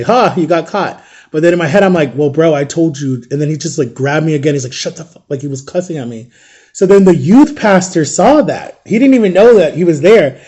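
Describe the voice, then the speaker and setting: Young guy storytime vlog, kinda high voice but mellow, chatty, acts out the dialogue. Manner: chatty, acts out quoted dialogue, often tags "right?". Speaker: vlogger. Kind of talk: casual storytime.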